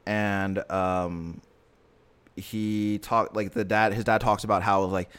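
A man's voice: fairly low pitch, fairly even intonation, slow, a bit bright, smooth. A man in casual chat, retelling a story earnestly in a rambling way with lots of fillers and restarts. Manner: earnest and emotionally invested.

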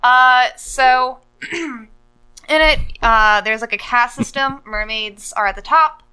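A woman's voice: a little high, slow, pushed and bright, clean tone, rough recording. A woman on a podcast, chatting casually and rambling with lots of "uh" and "like". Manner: rambling, full of "uh" and "like". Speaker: podcast co-host. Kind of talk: casual chat.

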